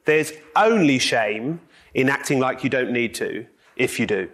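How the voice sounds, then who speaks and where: A man's voice: mid-range voice, lively intonation, a little slow, a bit bright. A man teaching a group Bible study in a room without a microphone, joking and self-deprecating, speaking with a cold. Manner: jokey, self-deprecating, chatty. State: has a cold. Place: meeting room with a live audience.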